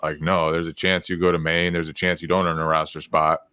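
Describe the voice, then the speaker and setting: A man co-hosting a casual sports podcast, giving measured, thoughtful analysis. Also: low voice, little pitch movement, sharp tone, clean tone, dry recording, clean studio sound. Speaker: podcast co-host and beat reporter.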